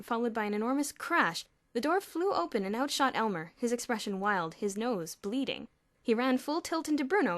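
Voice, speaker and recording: Expressive woman reading a storybook. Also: on the high side, no echo. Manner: expressive, lip-smacking. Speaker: audiobook reader. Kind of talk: storybook narration. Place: home room with traffic nearby.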